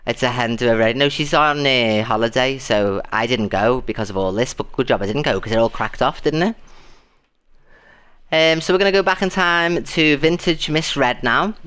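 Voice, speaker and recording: A British man live streaming, chatting casually and thanking viewers, often shrieking with excitement. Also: medium pitch, moderate pace, clean tone. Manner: animated, shrieking with delight at gifts.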